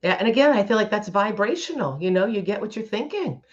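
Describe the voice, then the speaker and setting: A woman's voice: mid-range voice, expressive, quick pace. A woman co-hosting a motivational talk show, emphatic and preachy, addressing the listeners directly. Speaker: co-host, workshop leader. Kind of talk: casual motivational chat. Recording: slightly dull lo-fi sound.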